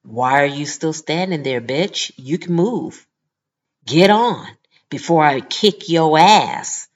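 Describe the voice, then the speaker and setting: A woman voicing a rude, foul-mouthed woman shopper who taunts and curses loudly. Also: low-pitched, a little slow, muffled recording. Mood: threatening. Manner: brash, cursing, taunting.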